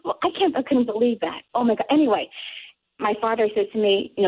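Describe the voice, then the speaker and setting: Excited woman caller on a tinny phone line. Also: fairly high pitch, fast talker, breathy edge. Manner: excited, breathless storytelling with gasps. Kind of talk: call-in radio storytelling.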